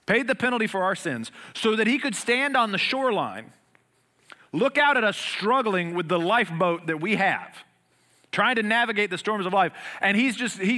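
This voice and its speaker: A man preaching a sermon as pastor. He talks in an earnest, conversational way with everyday humor, swinging between loud emphatic passages and hushed ones. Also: sits high.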